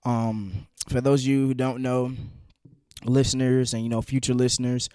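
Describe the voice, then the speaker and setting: A man in his twenties hosting a solo podcast, talking in a conversational, slangy way that climbs sharply in pitch when he gets heated. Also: little pitch movement, moderate pace, mellow, clear, resonant tone, dry recording, studio quality. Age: 20s. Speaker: podcast host.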